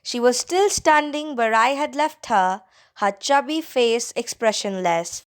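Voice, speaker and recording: A woman's voice: a little high, expressive, a little slow. A woman reading a first-person story aloud as an audiobook narrator, with dramatic storytelling. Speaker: audiobook reader. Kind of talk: scripted narration.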